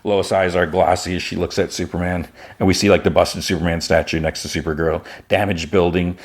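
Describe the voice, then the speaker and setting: Low-voiced man rambling through a recap. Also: steady tone, brisk. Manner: rambling retelling, heavy on "like" and restarts. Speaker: podcast host. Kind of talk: casual episode recap.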